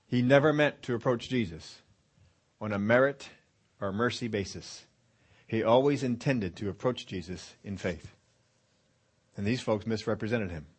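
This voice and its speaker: A man's voice: on the low side, moderate pace, pauses often, slightly rough. A man preaching a sermon, retelling scripture and voicing what the people in the story might have said. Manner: storytelling preacher, acting out the centurion's words. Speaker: pastor.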